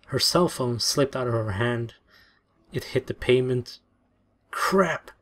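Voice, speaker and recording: A man reading a story aloud in a steady, expressive way. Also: mid-range voice, normal speed. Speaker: narrator. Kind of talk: audiobook reading. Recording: soft background music.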